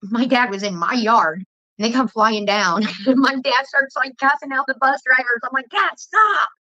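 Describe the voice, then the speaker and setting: A woman rants through a casual livestream, swearing as she tells her stories. Her voice is bright and sharp, and it sits a little high. The sound is dull and lo-fi, with a dry, close feel. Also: normal speed, no room sound. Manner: profane, heated storytelling. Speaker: vlogger.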